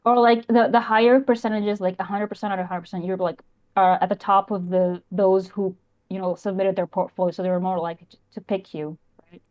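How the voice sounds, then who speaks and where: A young adult woman calling in over a voice call, talking in a halting way that often trails off. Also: medium pitch, fairly even intonation, a little mellow, poor audio. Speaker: caller. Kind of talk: casual call-in chat.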